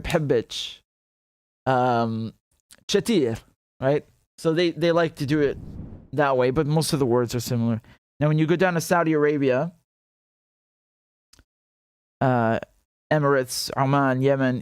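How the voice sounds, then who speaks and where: Man, chatty show host, laughs a lot, slightly high voice, dry close sound. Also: dry recording. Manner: chatty, laughs often, mixes Arabic and English. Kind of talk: casual livestream commentary.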